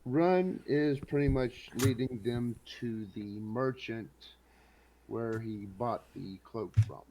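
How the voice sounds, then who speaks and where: A man playing a tabletop game, musing aloud in an unhurried way. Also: medium pitch, warm tone, a little hiss or hum. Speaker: player.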